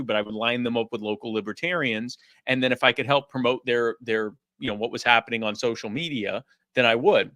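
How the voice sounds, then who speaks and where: A man speaking as a podcast guest in casual interview talk, animated and acting out quoted voices. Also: medium pitch, dry recording, clean studio sound.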